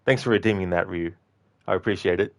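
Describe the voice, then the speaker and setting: Male streamer, very low voice, rambling friendly chat with viewers. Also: quick pace. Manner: chatty, thanks viewers by name, rambling asides. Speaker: game streamer. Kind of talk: casual livestream chat.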